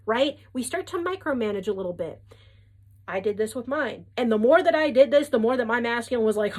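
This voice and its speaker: A woman's voice: a little high, expressive, a little fast, darkish tone. A woman casually giving spiritual relationship advice to her viewers, emphatic and chatty, often checking in with "right?". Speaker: spiritual reader and coach.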